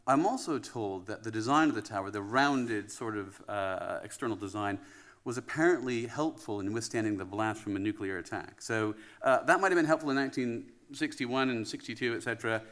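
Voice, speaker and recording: A man with a Canadian accent giving a relaxed, wry welcome speech as conference host, with frequent "um" fillers. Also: lowish voice, fairly quick. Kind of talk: welcome address. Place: conference venue in a tower.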